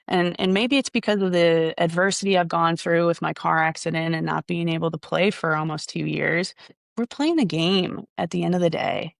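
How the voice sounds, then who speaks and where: A woman's voice: lowish voice, normal speed, vocal fry, dry recording, clean studio sound. A young woman, a golf coach, answering interview questions in an earnest, thoughtful way.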